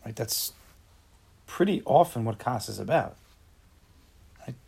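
A man teaches a casual Torah class, reading a text and then explaining it in plain words. His voice is gravelly and a little husky. He acts out angry everyday voices and keeps putting questions to the class. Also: medium pitch, animated, a little slow, a little mellow.

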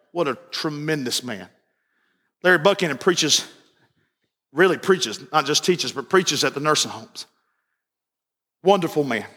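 A man preaching a sermon as pastor, telling stories and moving between quiet asides and raised fervor. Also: on the high side, slightly rough. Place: church sanctuary. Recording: church sanctuary with long reverb.

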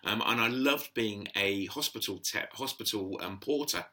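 A man, chatting as an interview guest and telling stories, animated and quick to laugh, often acting out the voices of people he quotes. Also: fairly low pitch. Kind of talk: casual storytelling interview.

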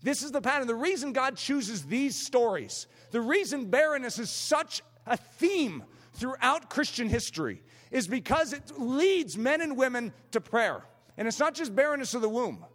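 A man delivering a fervent, emphatic sermon in a very high voice. His pitch swings widely from line to line. A long hall reverb trails after his words. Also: very animated, a little slow, a bit bright. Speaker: preacher.

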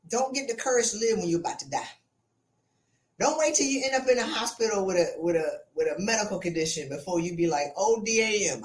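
In a motivational monologue, a podcast host and life coach gets blunt and colloquial, calling her audience "sis." She's animated and sassy, her voice rising and falling sharply in pitch and volume for emphasis.

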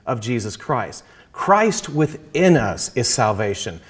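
A man in conversation, earnestly explaining his Christian faith and quoting scripture, slowing down to stress key phrases. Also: medium pitch, big pitch swings, husky. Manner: quotes scripture, halting restarts. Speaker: Christian guest speaker.

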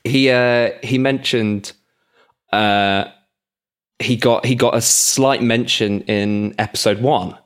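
A man's voice: medium pitch, steady tone, clear, resonant tone. A man with a London accent, co-hosting a casual podcast, chatting with lots of fillers and frequent laughter. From England. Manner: laughs often, halting with fillers. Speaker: podcast co-host. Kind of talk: casual chat. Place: home room.

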